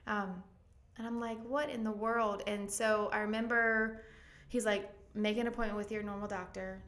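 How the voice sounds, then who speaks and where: A woman's voice: medium pitch, little pitch movement, normal speed, fairly bright tone. A woman pastor giving a candid, emotional personal testimony as a podcast guest, earnest and full of ums and likes. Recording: echoey room.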